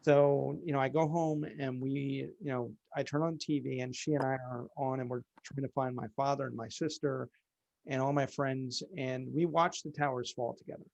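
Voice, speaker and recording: A man's voice: mid-range voice, steady tone, normal speed, creaky, a little mellow, highs cut off. A man, a company founder, candidly telling a personal story in an interview, with many fillers. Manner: candid, many fillers, relives events vividly.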